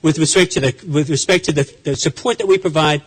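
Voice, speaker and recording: Emphatic high-voiced naval officer speaking. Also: male voice, fast talker, poor audio. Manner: emphatic, repetitive, with restarts. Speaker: naval officer giving a speech. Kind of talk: conference speech.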